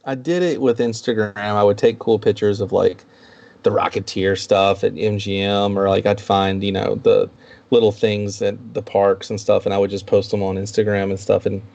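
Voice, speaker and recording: A man chatting casually as a podcast guest, telling animated stories and acting out what others said. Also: normal speed, gravelly, dull audio. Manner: animated storyteller, quotes people in a higher voice. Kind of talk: casual chat.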